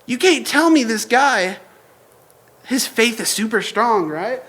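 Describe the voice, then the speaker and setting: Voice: mid-range voice, animated, slow, fairly bright tone. A young adult preacher giving a casual sermon with a slangy, joking delivery. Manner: informal and joking, slangy asides. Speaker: church preacher.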